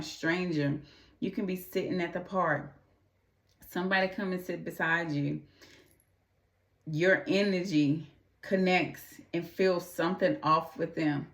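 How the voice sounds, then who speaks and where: Speaking to camera with a lowish voice, this host earnestly addresses her audience in a casual talk, repeating urging phrases and slipping into quick voices for the people she mentions. The sound is reverberant and recorded from a distance.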